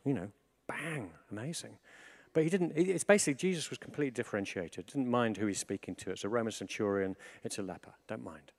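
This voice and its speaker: A man preaching a sermon in a chatty, animated way, full of asides and restarts. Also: fairly low pitch, quick pace, vocal fry.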